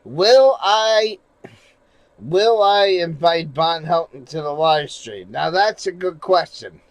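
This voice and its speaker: A man live streaming in casual chat, rambling and swearing, going from mumbles to loud rants. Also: fairly high pitch, lively intonation, slow pace, no room sound, poor audio. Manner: rambling, profane, shifts from mumbling to loud ranting.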